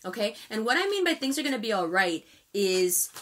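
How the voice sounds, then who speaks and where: A New York woman rattles off a casual astrology forecast at speed, chatty and emphatic. Her voice is bright and sharp. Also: on the high side, very animated, a little fast.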